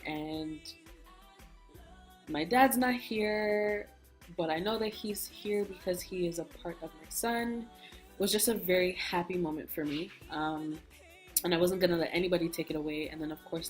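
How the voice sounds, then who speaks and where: A young woman vlogger candidly telling a personal story in casual chat, acting out what people said. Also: lowish voice. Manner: candid, animated storytelling, acts out quoted speech. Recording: soft music bed behind.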